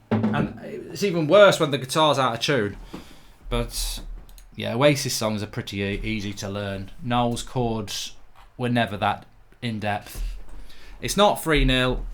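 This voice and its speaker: A man's voice: mid-range voice, measured pace, fairly bright tone. Man, football stream host, casual chat, joking, rambling. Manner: chatty, jokey, rambling with fillers. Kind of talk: live match watchalong chat. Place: home studio, with a guitar.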